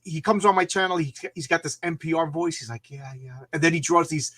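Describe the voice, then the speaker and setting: A man hosting a live comics chat on his channel, effusive and excitable and often tripping over his words. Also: a little high, fast talker. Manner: effusive, excitable, stumbling restarts.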